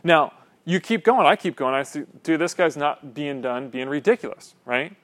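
Animated man preaching a sermon. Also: fairly high pitch, normal speed. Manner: animated, joking, rhetorical questions. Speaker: pastor.

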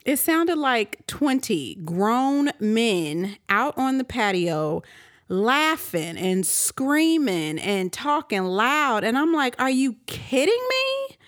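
A woman in her thirties hosting a podcast, ranting in a casual, animated way and acting out her own reactions. She sounds tired and half awake. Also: fairly high pitch, slow pace, dry recording, studio quality. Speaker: podcast host.

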